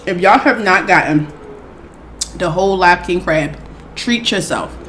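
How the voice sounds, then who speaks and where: A woman hosting an eating show, chatting casually and excitedly to her viewers, calling them y'all. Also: fairly low pitch, unhurried, slight background noise. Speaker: mukbang host.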